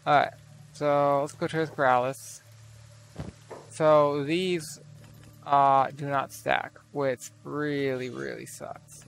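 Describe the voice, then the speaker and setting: A man's voice: mid-range voice, level tone, slow, gravelly, slight background noise. A man giving casual, profane, incredulous let's play commentary over his game. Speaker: gaming video creator.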